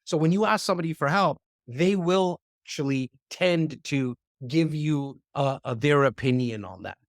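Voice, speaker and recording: A fairly high-voiced man chats as a podcast guest, lively and conversational, doubling back on his words as he goes. The sound is close and dry, with no room heard. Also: moderate pace, dry recording. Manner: animated, conversational, repeats words as he talks. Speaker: real estate investor and speaker. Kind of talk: casual interview chat.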